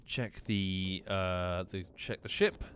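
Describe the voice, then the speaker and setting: A man's voice: low voice, takes it slowly, fairly bright tone, a little hiss or hum. A man streaming a mystery game, casually thinking aloud, muttering and swearing now and then. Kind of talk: casual gameplay commentary.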